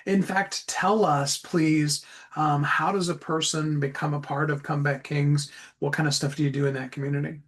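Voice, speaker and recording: A man hosting a casual interview, with a slightly high voice for a man. His delivery is upbeat and affirming, and he keeps the conversation moving. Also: level tone, moderate pace, hardly any pauses, fairly bright tone. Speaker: podcast host.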